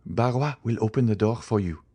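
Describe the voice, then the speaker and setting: A man's voice: fairly low pitch, brisk, warm tone, slightly rough. A man voicing an anxious, devoted young noblewoman in an audiobook, pleading and crying out for help. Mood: gentle, earnest. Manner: pleading, rising to frantic cries. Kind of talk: audiobook character voice.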